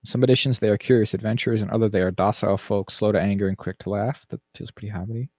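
Man, podcast co-host, low voice, animated ranting, dry close recording. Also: rapid-fire, dry recording. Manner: animated, ranting, mimics people in quotes. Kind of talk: casual chat.

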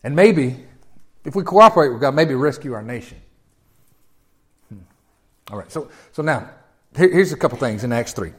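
A man's voice: medium pitch, lively intonation, normal speed, long pauses, a bit bright. A male pastor preaching a sermon in a conversational, storytelling way, often repeating words and rising in sudden swells.

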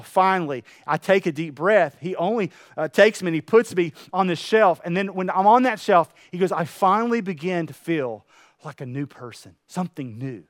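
A man preaching a sermon to a room, telling a parable with lively acted-out voices. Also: a little high, no echo, clean studio sound. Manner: animated storytelling, acting out voices. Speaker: pastor. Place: room with an audience.

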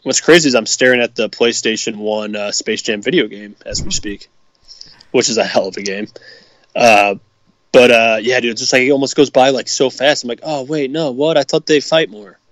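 A man's voice: mid-range voice, brisk, a bit bright, no echo. A man co-hosting a casual podcast, laughing often and cursing casually. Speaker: podcast co-host. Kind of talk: casual chat.

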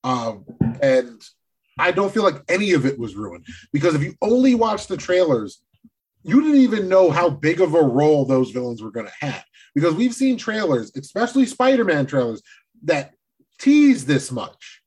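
A man co-hosting a casual movie discussion, excitable and animated, swearing freely as he talks. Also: on the high side, moderate pace, slightly rough. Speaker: podcast co-host.

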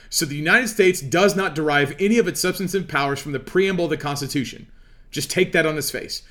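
This legal commentator lectures emphatically and preachily while explaining the law, peppering his talk with rhetorical questions. He has a fairly high pitch and a fairly bright tone.

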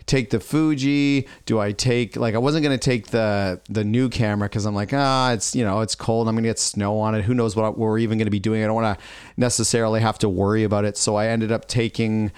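A middle-aged Canadian man co-hosting a podcast, talking in a casual, rambling way and acting out quotes as he tells a family story. His voice sits low and smooth. The sound is dry and close to the mic. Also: fairly even intonation, brisk, a little mellow, no echo. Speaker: podcast co-host. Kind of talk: casual chat.

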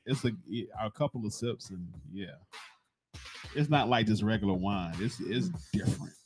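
A man's voice: on the low side, normal speed. A man co-hosting a casual chat, joking loosely with lots of "like" and easy restarts. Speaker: podcast co-host. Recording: music playing clearly behind.

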